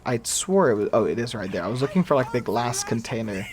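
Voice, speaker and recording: A man's voice: mid-range voice, expressive, fast talker, slight background noise. A young man in casual let's-play commentary, chatty and rambling with fillers and laughs. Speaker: gaming YouTuber.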